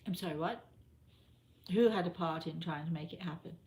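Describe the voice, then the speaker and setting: An older woman, a spiritual medium, chatting casually and repeating herself as she gently advises viewers in a live question session. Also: lowish voice, fairly quick.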